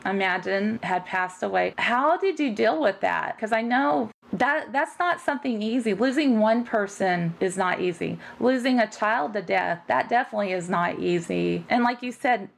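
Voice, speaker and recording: Sympathetic female podcast host, creaky voice. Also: medium pitch, lively intonation, moderate pace. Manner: sympathetic, asking gentle questions. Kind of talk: faith-based podcast interview.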